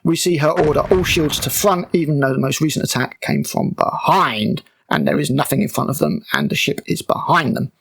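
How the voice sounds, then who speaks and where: A man's voice: fairly high pitch, expressive, a little fast, gravelly, hardly any pauses, fairly bright tone, slightly rough. A man giving a sarcastic, exasperated breakdown of a TV episode, mocking it as he goes. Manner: exasperated, mocking, with frequent fillers and restarts. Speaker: TV show reviewer.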